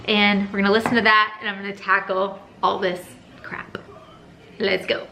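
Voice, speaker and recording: A woman's voice: medium pitch, flat delivery, normal speed, pushed and bright, slight background noise, low-quality recording. A young woman, a stay-at-home mom vlogging at home in her kitchen, talking in an emotional, tearful, heartfelt way. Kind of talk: casual chat.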